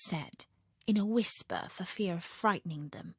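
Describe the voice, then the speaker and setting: A woman reading a children's storybook aloud in an expressive, animated way. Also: lowish voice, unhurried, slightly rough, dry recording, clean studio sound.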